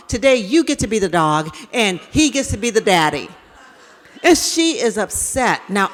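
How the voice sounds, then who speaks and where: A woman speaker telling stories to an audience in an animated way, acting out scenes. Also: on the high side. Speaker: keynote speaker. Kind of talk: storytelling talk to an audience. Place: event hall. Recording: reverberant hall.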